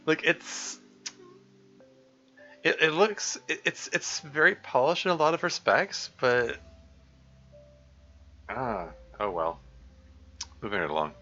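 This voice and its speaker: Man, streamer, casual commentary, rambling asides, bright tone, dull lo-fi sound. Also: mid-range voice, slow pace, pauses often, faint music behind. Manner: rambling, self-interrupting asides with laughs. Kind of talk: casual live playthrough commentary.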